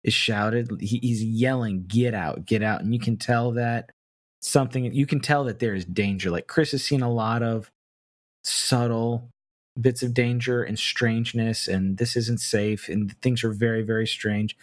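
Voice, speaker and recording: A man's voice: medium pitch, steady tone, measured pace, dry recording. A man in a casual podcast discussion who talks analytically and laughs easily. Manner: amused, analytical, laughs often.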